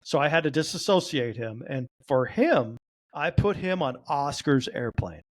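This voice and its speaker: A man, a guest on a podcast, telling a story in animated fashion and acting out the dialogue he quotes. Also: on the high side, moderate pace. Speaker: guest, trauma therapy practitioner.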